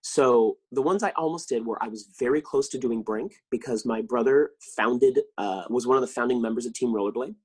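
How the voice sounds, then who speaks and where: A man talking as a podcast guest, telling animated stories and acting out the lines he quotes. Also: mid-range voice, a little fast, few pauses, husky. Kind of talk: casual interview chat.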